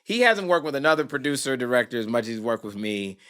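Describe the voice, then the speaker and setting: A film producer appears as a podcast guest, telling a dramatic story with lively energy and acting out its characters. His voice is medium in pitch, quick, clear and resonant, and the whole thing is animated storytelling.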